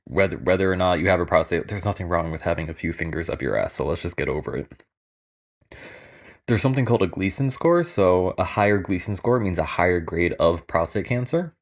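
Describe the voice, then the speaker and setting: Wry, deep-voiced young male scientist. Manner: candid, wry, deadpan humor. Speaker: lab scientist presenting. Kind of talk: casual comedic presentation.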